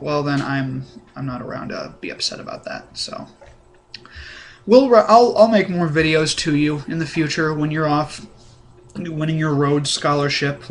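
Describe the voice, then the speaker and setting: Young male vlogger, deadpan mock-sincere delivery, a touch high-pitched, faint background noise. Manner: deadpan, rambling with many ums. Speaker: comedic vlogger.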